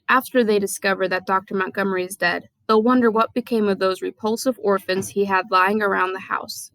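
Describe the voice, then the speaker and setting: A woman's voice: mid-range voice, a bit bright, dry recording, close to an everyday voice. A woman voicing a sneering, scheming male villain in a storybook reading, mocking and snarling.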